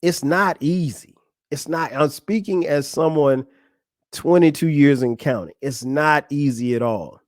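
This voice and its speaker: A man in his forties hosting a podcast, talking in a relaxed conversational monologue, often chuckling and restarting his sentences. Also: on the high side, a little slow, dry recording, studio quality. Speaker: podcast host. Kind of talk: casual monologue.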